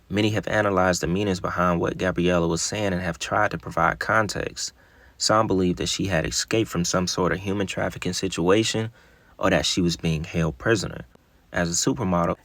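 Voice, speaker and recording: A man's voice: deep voice, vocal fry, fairly bright tone, no room sound. A man narrating a mystery case, reading an article aloud with casual asides. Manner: casual asides between read passages.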